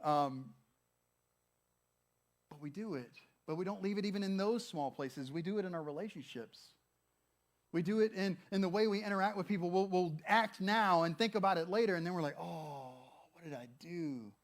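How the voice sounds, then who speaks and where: A man in his thirties delivers a sermon in a chatty, playful way. His voice sits a bit high for a man. He slips into little acted-out voices for people's thoughts. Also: a little fast. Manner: conversational and humorous, acts out quoted thoughts. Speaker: pastor.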